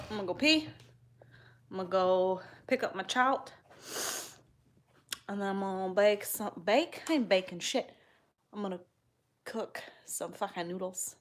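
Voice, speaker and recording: A woman vlogger in casual chat to the camera, laid-back, sighing often and swearing offhandedly. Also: medium pitch.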